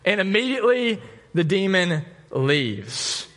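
A male pastor preaching a sermon, telling a story with lively asides and jokes. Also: sits high, slow pace. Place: church.

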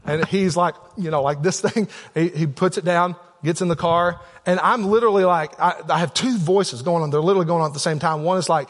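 A man's voice: high-pitched, brisk, few pauses, a bit bright. A man preaching a sermon as a pastor, telling a candid personal story with frequent asides to the congregation. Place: church sanctuary. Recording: long reverb of a church hall.

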